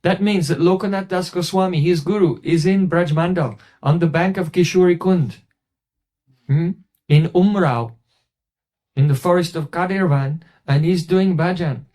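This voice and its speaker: A man giving a devotional talk, telling a story and quoting others in a lowered voice. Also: moderate pace, darkish tone. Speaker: spiritual teacher.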